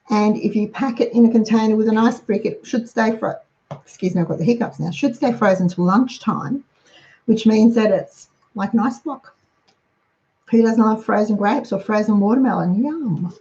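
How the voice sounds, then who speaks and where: A woman's voice: mid-range voice, gravelly, dark tone, lo-fi sound. A middle-aged woman chatting casually as a host, running through practical lists of lunchbox ideas. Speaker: host giving lunchbox tips. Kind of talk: casual how-to talk.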